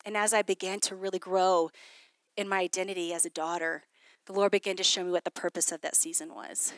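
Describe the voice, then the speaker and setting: A middle-aged woman pastor sharing a personal testimony in a sermon, talking in an animated way to the congregation and dropping low and soft when she quotes God. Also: a little fast, no room sound. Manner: animated storytelling, addresses listeners as "you guys".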